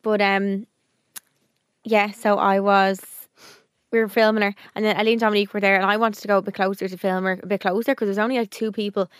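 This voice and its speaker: A young woman co-hosting a podcast, telling a story in animated casual chat with quick asides and swearing. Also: mid-range voice, clean tone, no room sound, clean studio sound. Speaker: podcast co-host.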